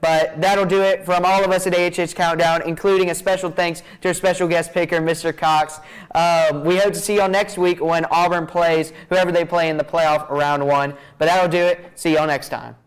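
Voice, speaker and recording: A man's voice: fairly high pitch, flat delivery, normal speed, clean tone, low-quality recording. Chatty young man hosting picks. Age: young adult. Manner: chatty, laughs easily, says y'all. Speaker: student broadcast host. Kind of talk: pregame picks show hosting.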